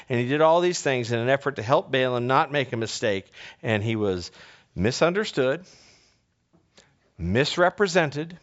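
A man's voice: mid-range voice, animated, normal speed. A man preaching a conversational sermon, telling a story and asking the listeners rhetorical questions, with frequent restarts. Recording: dull lo-fi recording.

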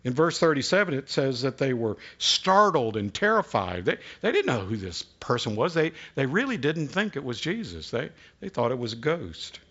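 A man pastor giving an unhurried, folksy sermon with prayer and jokes, often repeating words as he starts a sentence. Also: medium pitch, sing-song, pushed and bright, muffled recording. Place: church sanctuary.

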